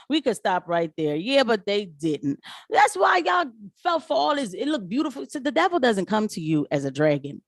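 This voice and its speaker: A fired-up woman talks straight at her viewers in a casual live stream. She slips into mocking voices now and then. Her middle-range voice sounds dry and close, with no room echo. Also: mid-range voice. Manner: animated, talks back to viewers, mocks voices in quotes. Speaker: political commentary vlogger.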